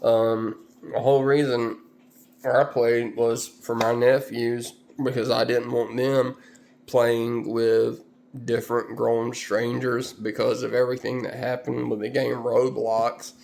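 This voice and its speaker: A man rambling in a relaxed, unhurried way, his voice gravelly with vocal fry. He talks to his viewers at a slow, easygoing pace, with plenty of fillers. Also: mid-range voice, a little hiss or hum. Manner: rambling, laid-back, full of fillers. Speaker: vlogger. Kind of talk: casual chat.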